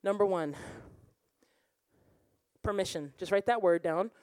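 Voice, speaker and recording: A woman worship pastor preaching a lively sermon, laughing and breaking into song now and then. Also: medium pitch, unhurried, no echo. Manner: animated preaching, bursts of laughter, sings lines. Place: church or conference room.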